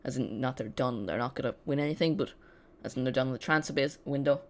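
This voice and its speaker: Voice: mid-range voice, quick pace. A host giving rambling, casual live commentary on a football match and chatting directly to viewers. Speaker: football watch-along streamer.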